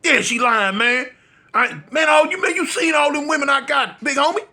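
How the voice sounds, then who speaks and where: A man voicing his boastful young friend from the gang in a told story, protesting loudly and repeating himself insistently. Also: extremely high pitch, expressive, brisk, voice pushed up, exaggerated voice. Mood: indignant. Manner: loud, insistent, repetitive protesting.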